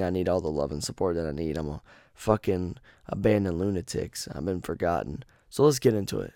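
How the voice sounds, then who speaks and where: Deep-voiced man ranting casually. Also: lively intonation, a little fast, dark tone, no echo, studio quality. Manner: rambling, profane and jokey. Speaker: podcast host. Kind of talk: casual chat about a horror game.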